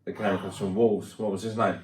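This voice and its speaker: A man's voice: on the low side, steady tone, fast talker, distant mic. A man chatting casually about football as a podcast guest, rambling with lots of fillers. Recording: roomy sound from off-mic.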